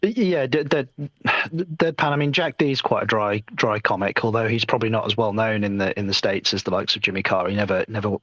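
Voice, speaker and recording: A British man joining a group chat over a dull, lo-fi line. He speaks at a middling pitch and rambles with lots of hesitant restarts. The sound is dry. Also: a little fast, a bit bright, no room sound. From Britain. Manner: rambling, hesitant, self-deprecating.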